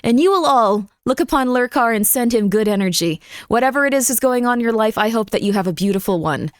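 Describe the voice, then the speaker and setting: A woman's voice: fairly high pitch, expressive, fast, clear, resonant tone, no echo, studio quality. A young adult woman streamer chatting casually with her viewers in a rambling, talkative way. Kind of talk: casual live-stream chat.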